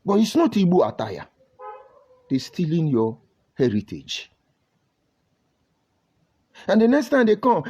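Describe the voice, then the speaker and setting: A male commentator with a Nigerian accent delivers a heated, scolding monologue packed with rhetorical questions. His high voice swings hugely in pitch, with a measured pace, long pauses and a warm, slightly rough tone. The audio is dull and lo-fi.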